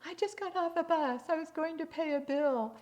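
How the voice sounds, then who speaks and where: A woman voicing an upset elderly woman in her nineties, high and strained. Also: normal speed, darkish tone.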